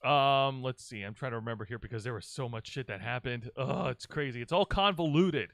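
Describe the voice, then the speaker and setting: A man's voice: medium pitch, brisk, gravelly, fairly bright tone, no room sound, studio quality. A man co-hosting a wrestling review podcast, chatting casually in a rambling, playful way with frequent restarts. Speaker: wrestling show co-host.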